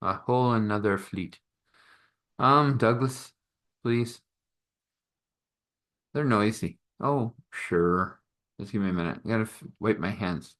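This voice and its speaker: Low-voiced man rambling through an improvised story. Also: a little slow, pauses often, a bit bright. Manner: rambling, chuckling, with many fillers.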